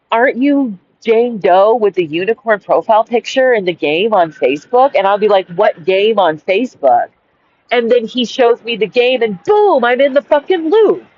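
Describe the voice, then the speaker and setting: A woman's voice: on the high side, darkish tone, dull audio. Profane, angry woman in her forties. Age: 40s. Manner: angry, profane, repeating herself. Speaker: vlogger. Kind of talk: rambling outdoor vent. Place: dark sidewalk outdoors at night. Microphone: wireless headphones.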